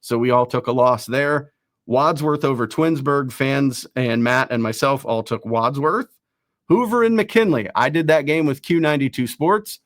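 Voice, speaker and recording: A man hosting a casual sports talk show, rattling off rankings quickly with self-deprecating asides. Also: mid-range voice, no room sound. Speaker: host.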